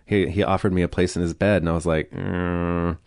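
A man's voice: low-pitched, fairly even intonation, fast, a little mellow, no room sound, studio quality. A man talking as a podcast guest, telling a personal story candidly and acting out what people said, with nervous laughs. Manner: frank, uses quoted dialogue and nervous laughs.

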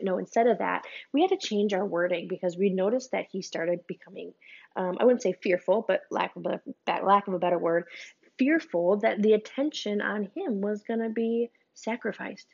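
A woman in her thirties chats about parenting with a mid-range voice full of vocal fry. She loops back and restarts her phrases as she talks. The recording sounds dull and lo-fi. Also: medium pitch, normal speed, a little mellow. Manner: chatty, repeats and restarts phrases. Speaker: parent giving advice. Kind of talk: casual parenting talk.

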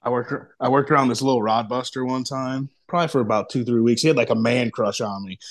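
A man's voice: mid-range voice, quick pace, slight background noise. A man co-hosting a podcast, laid-back and laughing often while telling crude work anecdotes. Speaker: podcast co-host. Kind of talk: casual podcast banter.

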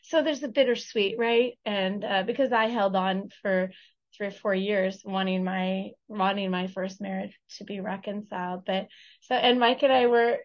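A woman's voice: mid-range voice, steady tone, moderate pace, dull audio. A woman speaking as a podcast guest, gushing and laughing easily in casual conversation.

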